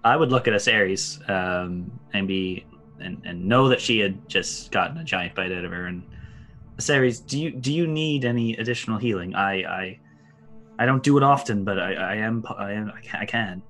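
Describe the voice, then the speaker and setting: A man's voice: fairly low pitch, normal speed, fairly bright tone, faint music behind. A man playing in a tabletop game, speaking hesitantly and stumbling over his words. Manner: stammering, hesitant. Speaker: player. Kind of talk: casual tabletop play.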